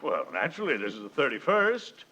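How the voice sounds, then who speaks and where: Brief: pompous blustering businessman, bright lively voice, 1940s radio comedy, faint hiss. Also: mid-range voice, brisk, husky, full character voice. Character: pompous older male insurance client, fussy and demanding. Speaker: radio sitcom actor.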